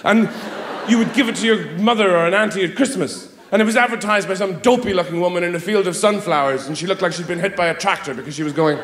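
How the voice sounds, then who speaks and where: A man with an Irish accent doing rambling, sardonic stand-up comedy on stage, jumping into shrill mock voices. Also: fast, fairly bright tone. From Ireland. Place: theatre stage with live audience. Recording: live hall echo.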